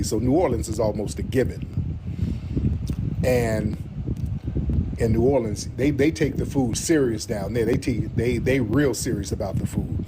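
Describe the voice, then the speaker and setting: A man with kids hosting a live stream, chatting casually in an animated, slangy way and repeating himself. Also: mid-range voice. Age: adult, has kids. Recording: noisy stream audio.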